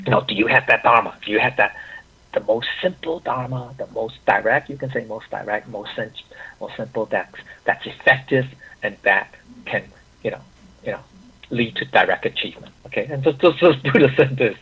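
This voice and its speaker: A man teaching an online class, his voice very husky with a gravelly fry. He talks haltingly, restarting phrases and checking in with the listeners. The audio sounds dull and lo-fi. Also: mid-range voice. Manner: halting, with frequent restarts and "okay, right?" check-ins.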